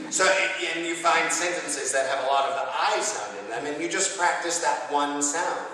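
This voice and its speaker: A man's voice: fairly high pitch, moderate pace, hardly any pauses, a bit bright. A man from Texas, a voice actor answering audience questions at a convention panel, chatty and often laughing as he tells stories. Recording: echoey hall from far off, faint noise.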